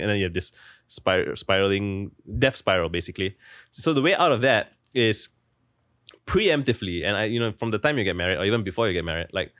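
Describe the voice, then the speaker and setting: A man's voice: fairly low pitch, animated, quick pace, a bit bright, dry recording, studio quality. A young man talking casually as an interview guest, rambling and full of "like" fillers. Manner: rambling, heavy use of "like", restarts mid-thought. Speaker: guest author.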